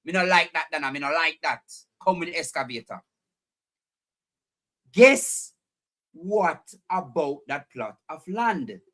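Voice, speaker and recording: A man's voice: fairly high pitch, a little slow, pauses often. A man with a Jamaican accent hosting a live stream, chatting animatedly to his viewers and repeating his points. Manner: animated, repeats phrases, talks directly to chat viewers. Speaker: livestream host.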